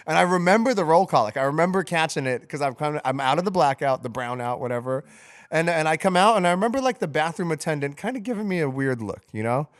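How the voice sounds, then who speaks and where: Animated man telling a profane story. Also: a little high, quick pace. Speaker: podcast co-host telling a story. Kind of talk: casual storytelling.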